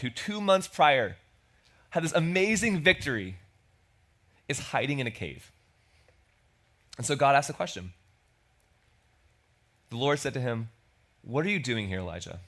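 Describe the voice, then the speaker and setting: A man's voice: medium pitch, fairly bright tone. Guy pastor giving a sermon in church, chatty, voices the quotes. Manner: conversational, acts out quoted lines.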